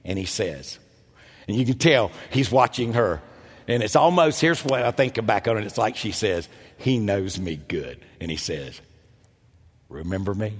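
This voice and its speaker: Husky animated pastor in an echoey hall. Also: male voice, normal speed. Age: older. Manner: animated, self-mocking, jumps into loud high quoted voices. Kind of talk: storytelling sermon.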